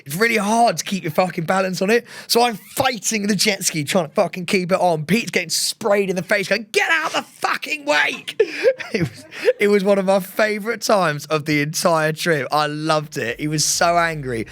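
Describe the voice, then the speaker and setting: A man co-hosting a podcast, telling stories in an animated, laughing, swearing way. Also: sits high, moderate pace, dry recording. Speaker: podcast co-host. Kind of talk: casual chat.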